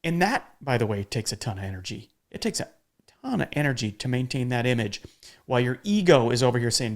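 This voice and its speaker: A man's voice: mid-range voice, very animated, brisk. A man hosting a podcast in casual conversation, talking emphatically and bluntly, with the odd swear word. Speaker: podcast host.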